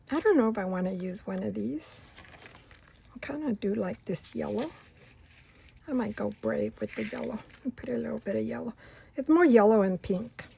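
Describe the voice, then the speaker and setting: A middle-aged woman hosting a crafting video, chatting unhurriedly and rambling through a story while she works, sometimes going soft and near-whispery. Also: on the high side, vocal fry, slight background noise. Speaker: craft channel host. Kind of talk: casual crafting tutorial chat.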